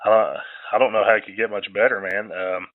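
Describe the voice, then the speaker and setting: A man hosting a casual sports podcast, laid-back and quick to laugh, swearing freely. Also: lowish voice, steady tone, no echo, narrow, tinny audio. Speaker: podcast host. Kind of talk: casual chat.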